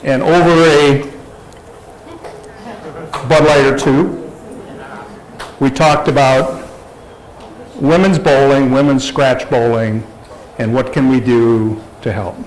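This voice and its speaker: A man's voice: medium pitch, slow, pauses often, rough recording. A man emceeing a retirement roast, calling up speakers and telling old stories. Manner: relaxed, calls up speakers by name. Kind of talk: emcee introductions.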